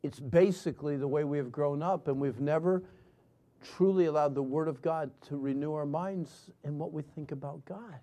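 A man preaching a sermon and telling his own story earnestly, moving between loud emphasis and hushed lines. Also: a little high, moderate pace. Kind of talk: sermon with personal testimony.

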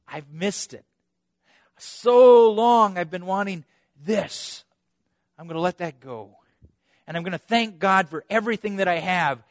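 A man's voice: sits high, slow pace, long pauses, no room sound, studio quality. A man preacher voicing a grateful young woman of old, speaking with heartfelt relief.

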